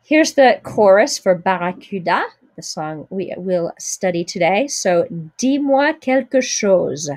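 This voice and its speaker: A middle-aged woman with a fairly low voice teaches French pronunciation in English. She explains patiently and slows down to model each French word clearly. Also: lively intonation, a little mellow. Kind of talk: spoken language lesson.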